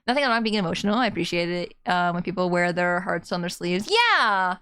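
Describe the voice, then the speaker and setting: Bright-voiced woman chatting on stream. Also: on the low side, expressive, fairly quick, few pauses, clear, resonant tone. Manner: chatty and openly emotional, talks straight to chat. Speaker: game streamer. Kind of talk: casual live-stream chat. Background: faint game music.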